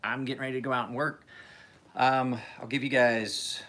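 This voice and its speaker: A man's voice: medium pitch, little pitch movement, moderate pace, fairly bright tone. A man hosting a casual live stream, rambling in a laid-back way, swearing freely and laughing often.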